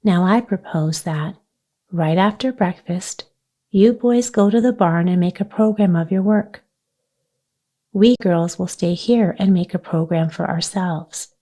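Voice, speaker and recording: A woman voicing a gentle, earnest young girl in a storybook reading, sounding a little plaintive. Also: lowish voice, a little slow.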